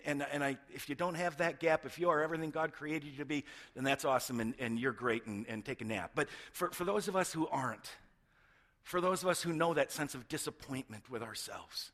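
A middle-aged pastor preaches an earnest sermon, often restarting words and swinging between loud emphasis and hushed lines. His pitch is medium and he speaks fairly quickly.

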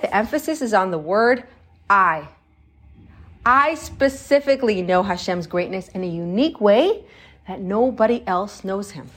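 A woman's voice: mid-range voice, breathy edge. A woman teaching a religious Torah class, explaining texts and telling little stories with acted voices and laughs.

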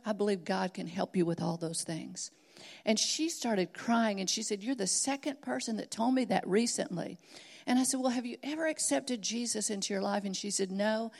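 A woman's voice: medium pitch, gravelly, a little mellow. A middle-aged woman preaching a sermon, telling stories earnestly and building to emphatic exhortation.

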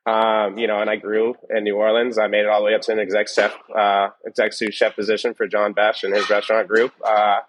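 A man's voice: on the low side, completely flat delivery, a little fast, hardly any pauses, a little hiss or hum, rough recording. A man, a chef, telling his story in an interview, rambling with many fillers and quoted dialogue. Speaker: chef, guest.

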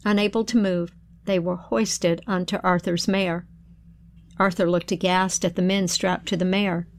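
Speaking at a fairly low pitch, a woman recounts an old folk tale in a deliberate, expressive storyteller's manner. Afterward she considers what the tale means.

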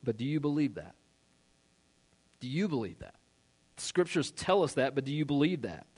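A male pastor preaching a sermon, reading scripture and acting out the grumbling crowd in a casual, animated way. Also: medium pitch, normal speed, breathy edge.

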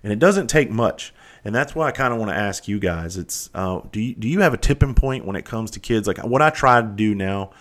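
A man's voice: on the low side, lively intonation, brisk, few pauses. A man hosting a podcast, talking candidly in a rambling, profane monologue. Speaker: podcast host. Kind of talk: casual monologue.

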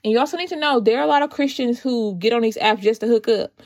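A woman's voice: a little high, quick pace, a little mellow. A woman telling viewers a personal story in a casual, chatty way, often calling out to them as y'all and ladies while she gives dating advice. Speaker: vlogger giving Christian dating advice.

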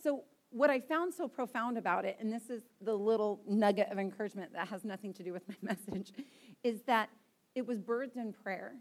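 A woman's voice: medium pitch, fairly quick. A young woman preaching to a church congregation, chatty and open in a self-deprecating storytelling way. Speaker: guest preacher. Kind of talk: casual sermon to a congregation. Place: church sanctuary.

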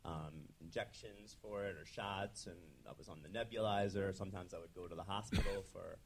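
A man's voice: low voice, steady tone, brisk, slight background noise. A young adult man, a chiropractor, telling his story in a casual interview with frequent ums and restarts. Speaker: chiropractor guest. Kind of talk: conversational interview.

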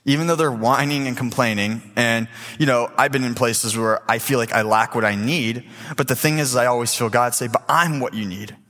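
An eighteen-year-old man preaching a sermon in a church sanctuary, casual and animated, slipping into voices as he tells the story. His pitch sits in the middle range, and a long hall reverb trails each phrase. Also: brisk. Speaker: youth preacher.

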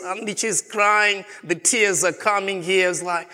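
A man's voice: sits high, moderate pace, hardly any pauses, bright, forceful tone, long reverb tail. A man preaching a sermon as a pastor, asking the congregation question after question. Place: church.

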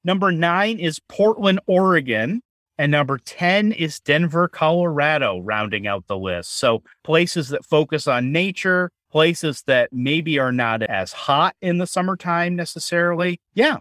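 A chatty man co-hosts a casual talk segment, his voice sitting a little high. He often restarts and repeats words. The recording is close and dry, with no room sound. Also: lively intonation, a little slow, a bit bright, dry recording. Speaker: co-host. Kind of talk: casual chat.

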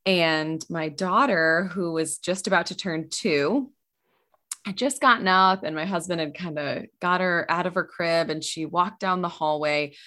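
A woman in her thirties, a podcast guest, telling a personal story in casual chat. She talks animatedly, laughs often and jumps her pitch up sharply when quoting people. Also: measured pace, pushed and bright.

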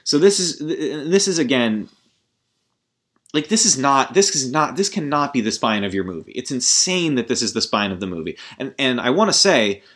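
A man's voice: medium pitch, very animated, moderate pace, fairly bright tone. A man hosting a podcast, ranting about a film in a rambling, exasperated way, with profanity and many restarts. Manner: rambling, exasperated, swearing, full of restarts and asides. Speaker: podcast host. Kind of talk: casual film-review rant.

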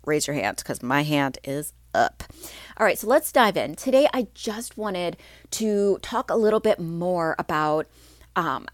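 A woman's voice: fairly low pitch, no echo, clean studio sound. A woman hosting a casual solo podcast as a mindset coach, upbeat and chatty with lots of ums, her voice a little stuffy. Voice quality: slightly stuffy, clearing her throat.

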